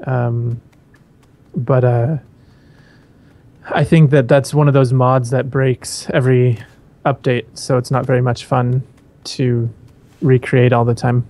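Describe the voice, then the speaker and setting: A man co-hosting a live gaming show in casual chat, laid-back and quick to laugh at himself. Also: mid-range voice, flat delivery, warm tone. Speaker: co-host of a fan-made live gaming show.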